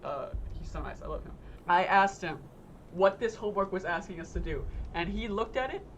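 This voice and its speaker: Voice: medium pitch, a little fast, slight background noise. A young adult streamer chatting casually while gaming, telling long rambling stories full of fillers and swearing.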